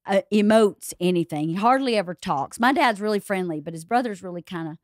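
A middle-aged woman with a Southern US accent, hosting a podcast and telling stories in casual chat, lively and quick to laugh. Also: mid-range voice, dry recording, studio quality. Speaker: podcast host.

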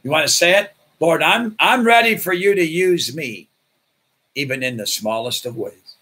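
Animated high-voiced husky preacher man. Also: moderate pace. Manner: animated, acts out voices in his stories. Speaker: pastor. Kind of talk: sermon with storytelling.

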